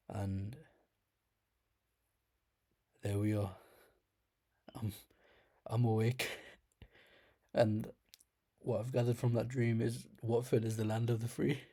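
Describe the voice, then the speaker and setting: A man's voice: medium pitch, fairly even intonation, slow, pauses often, warm tone. A young man with a slight lisp telling a rambling comic story about his dreams in a casual way, laughing at himself now and then. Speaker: storyteller host.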